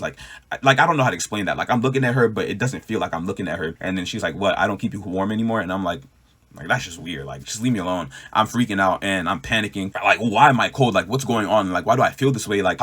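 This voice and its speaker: A man's voice: fairly low pitch, pushed and bright, husky. A young man giving a personal faith testimony in a casual, rambling way, full of fillers and retold inner dialogue. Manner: rambling, fast, filler-heavy; earnest, shaken retelling. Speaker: testimony speaker.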